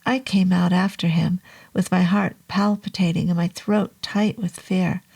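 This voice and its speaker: A woman narrating a horror novel in a slow, low, hushed delivery, at times dropping to a whisper. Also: fairly even intonation, gravelly, husky.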